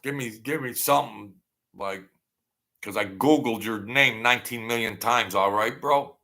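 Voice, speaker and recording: Gravelly man chatting with viewers. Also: mid-range voice, moderate pace, pushed and bright. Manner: rambling, reads out and thanks viewers by name. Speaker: channel host. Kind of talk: casual livestream chat.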